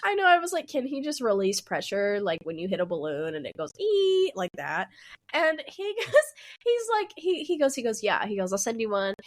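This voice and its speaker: A woman in her twenties co-hosting a podcast, telling a story in a casual, animated way, often laughing and acting out the people in it. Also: mid-range voice, fairly quick. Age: 20s. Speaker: podcast co-host.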